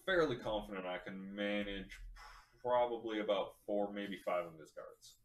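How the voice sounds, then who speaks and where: A man playing in a tabletop game who speaks confidently and deliberately. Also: fairly low pitch. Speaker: player. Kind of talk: casual tabletop play. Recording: roomy echo.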